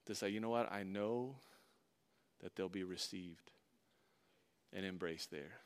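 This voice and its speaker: A pastor delivering a sermon, reading scripture aloud and commenting on it, swinging between loud emphasis and hushed, quiet passages. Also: male voice, low-pitched, measured pace, smooth.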